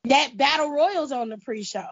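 A woman co-hosting a podcast in casual chat, moving the show along in a lively way. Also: high-pitched, normal speed, vocal fry, lo-fi sound. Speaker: podcast co-host.

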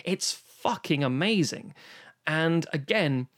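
Excitable, swearing man talking films. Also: on the high side, slow. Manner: enthusiastic, swears freely, rambling with restarts. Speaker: podcast co-host. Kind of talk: casual film discussion. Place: home, recorded remotely during lockdown.

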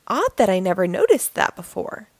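A woman reading a storybook, voicing a chatty, cheerful little girl with a bright, eager manner. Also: sits high, very animated, normal speed, dry recording, full character voice. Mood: musing.

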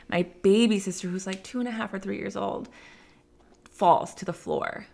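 An interview guest, a woman with a lowish voice and vocal fry, tells her life story in conversation at a brisk pace. She speaks candidly, using lots of "like" and "you know."

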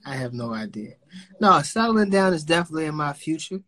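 A man's voice: a little high, sing-song, a little fast, sharp tone. A man in casual chat, talking loosely and profanely and often circling back on his words. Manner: loose, profane, rambling and repeats himself.

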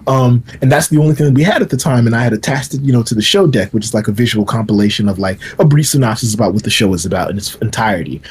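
A young man, a filmmaker guest on a podcast, tells a story with animated energy, acting out other people's lines and filling his speech with "like.". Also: medium pitch, very fast, few pauses, a little hiss or hum. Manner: animated, acts out quoted dialogue, many fillers like "like".

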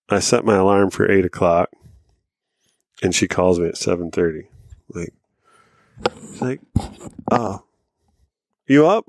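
A man's voice: on the low side, dry recording, clean studio sound. A man in his thirties, a podcast co-host telling a rambling, profane hunting-and-fishing story with laughs along the way. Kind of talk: casual storytelling.

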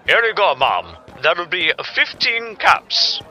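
An actor playing a deadpan robot butler in an audio drama. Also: male voice, sits high, slow pace, faint music behind, heavily acted, poor audio. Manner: deadpan, explanatory.

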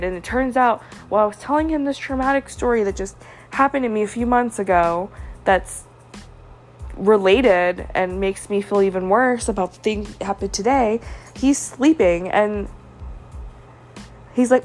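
A woman's voice: mid-range voice, steady tone, normal speed, faint music behind. A young woman in her twenties telling a personal story on her podcast, upset and venting, with lots of fillers. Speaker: podcast host.

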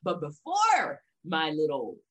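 A woman hosting a speaking-skills podcast, her voice sitting a little low. She coaches in a relaxed, conversational way and often checks in with "right?". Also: slow pace, slightly rough. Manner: coaching tone, rhetorical questions. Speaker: podcast host. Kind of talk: casual interview chat.

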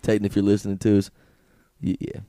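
A young man co-hosting a podcast, animated and crude, often laughing. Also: on the low side, fast, no room sound, clean studio sound. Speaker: podcast co-host. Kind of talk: casual banter. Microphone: studio microphone.

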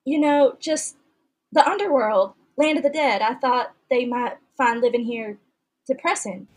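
A woman's voice: sits high, measured pace. A woman reading the part of an earnest teenage boy in a put-on Southern US accent, with a hammy old-timey stage delivery. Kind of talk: podcast table read.

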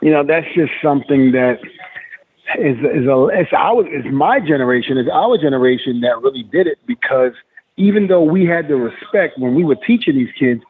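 A man's voice: on the high side, animated, normal speed, slightly rough. Man telling stories over a tinny line. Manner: rambling storyteller, frequent fillers. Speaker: guest. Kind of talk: casual chat. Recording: tinny phone-like remote line with faint noise.

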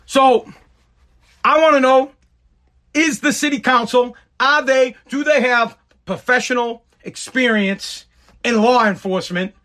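A man's voice: extremely high pitch, steady tone, measured pace, sharp tone. A man with a tired, worn voice giving a profane, rambling, sarcastic casual monologue. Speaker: content creator.

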